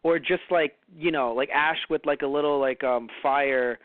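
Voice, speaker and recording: A man's voice: on the high side, moderate pace, dry recording. A man co-hosting a casual review podcast, rambling with fillers and curses. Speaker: podcast co-host. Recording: tinny, phone-like, dry.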